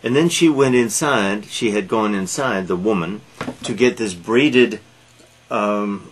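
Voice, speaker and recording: A man telling an animal fable aloud, halting with frequent fillers and restarts. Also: fairly low pitch, husky. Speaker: storyteller. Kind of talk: read-aloud storytelling.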